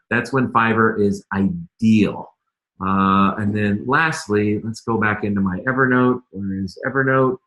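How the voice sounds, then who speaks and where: Man, low-pitched, casual teacher, chatty with fillers, echoey room. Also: fairly bright tone. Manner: chatty, self-interrupting, many fillers. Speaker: marketing instructor. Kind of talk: casual screen-share teaching.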